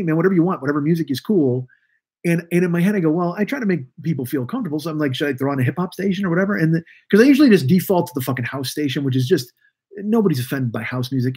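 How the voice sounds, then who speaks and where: A man's voice: fairly high pitch, darkish tone, slightly rough. A man hosting a live stream, telling a profane, rambling story about his rideshare driving. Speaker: podcast host and rideshare driver. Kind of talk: casual live stream monologue.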